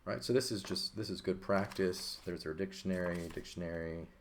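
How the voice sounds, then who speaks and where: A man's voice: low voice, moderate pace, background noise. A man teaching a recorded textbook lesson, explaining patiently and checking in often with "okay" and "right". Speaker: Greek teacher.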